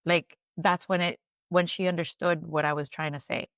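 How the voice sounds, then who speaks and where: A woman in her thirties, a podcast guest, recounting a personal loss in a halting way, restarts and soft fillers. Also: lowish voice, steady tone, no room sound. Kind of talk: emotional personal storytelling.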